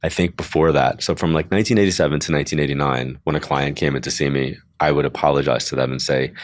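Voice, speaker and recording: A man in his sixties, a psychic medium, telling stories in an interview in a lively, chatty way, full of asides and acted-out quotes. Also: extremely low pitch, fast talker, hardly any pauses, no room sound, clean studio sound. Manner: lively storyteller who acts out quoted voices. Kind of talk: interview storytelling.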